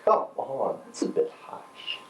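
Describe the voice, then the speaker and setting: An actor playing a smooth-talking man who has lost his partner's money, brushing it off glibly. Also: slow, roomy sound, slight background noise, close to an everyday voice. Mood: placating. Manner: glib, placating. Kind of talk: drama scene.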